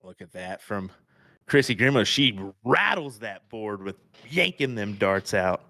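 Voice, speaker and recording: A man's voice: lowish voice, very animated, unhurried, pushed and bright, no room sound, studio quality. A man co-commentating live darts in a laid-back, laughing way, calling his partner bud.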